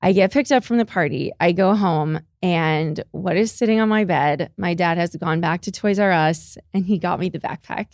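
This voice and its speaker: A woman's voice: lowish voice, darkish tone, no room sound. Earnest woman podcast co-host, dry sound. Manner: heartfelt, storytelling, slow and earnest. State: tearful. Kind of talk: casual chat.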